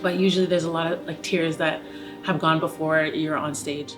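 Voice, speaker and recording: A woman's voice: sits low, steady tone, normal speed, over music. A young adult woman, an opera singer speaking openly in a documentary interview, with many "like" fillers. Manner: open and reflective, heavy use of "like" as a filler.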